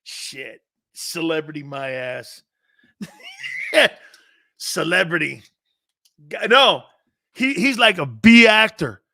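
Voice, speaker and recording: A man's voice: a little high, lively intonation, takes it slowly, gravelly, pushed and bright. A man hosting a sports talk show, brash and mocking, laughing at his own jokes.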